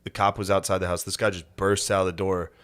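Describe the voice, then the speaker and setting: A man's voice: low-pitched, little pitch movement, fast talker, a bit bright, clear, resonant tone. A man co-hosting a podcast in casual chat, telling stories in a dry, laid-back, profane way. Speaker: podcast co-host.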